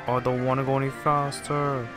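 A nervous, polite young tank engine, voiced by a man, from a fan-made train story. He speaks slowly and hesitantly. Music plays underneath. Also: medium pitch, flat delivery, close to an everyday voice. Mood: frightened.

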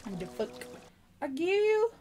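Loud, profane high-voiced woman streamer. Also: very animated, a little slow, a little hiss or hum. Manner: loud, profane, jokey, voicing her character's lines. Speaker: streamer playing a life-sim game. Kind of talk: casual gameplay commentary. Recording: game music playing loudly behind.

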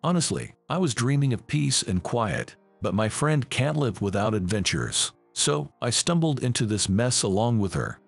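A man's voice: mid-range voice, sing-song, normal speed, creaky, few pauses, soft background music. A man voicing a frightened, shy young woman who refuses coldly. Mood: wary. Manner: timid, cold refusals.

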